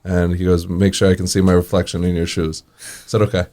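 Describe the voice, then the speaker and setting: Low and a little mellow, his voice barely moves in pitch and runs slightly fast. As a restaurant owner in an interview, he spins casual tales, voicing the dialogue himself and laughing softly throughout.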